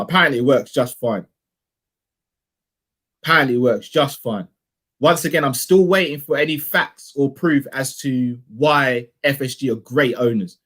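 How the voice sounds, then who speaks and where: A man's voice: mid-range voice, fairly bright tone. A young man hosting a live fan reaction stream, ranting heatedly and repeating himself for emphasis. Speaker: fan channel co-host. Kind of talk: live post-match reaction rant.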